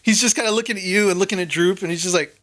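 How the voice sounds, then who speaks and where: A woman's voice: mid-range voice, a bit bright. A woman narrating as game master of a tabletop game, casual and laughing often. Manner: laughing, quick, loose narration.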